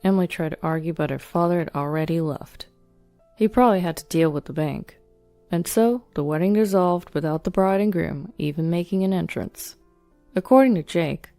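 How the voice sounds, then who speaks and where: A woman reading a first-person story as scripted narration, in an even, plain manner. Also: fairly low pitch, dry recording. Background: soft background music.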